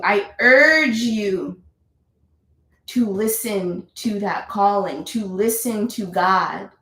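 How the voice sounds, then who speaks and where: Woman, yoga instructor, live class, encouraging, repeats cues, mid pitch, echoey room.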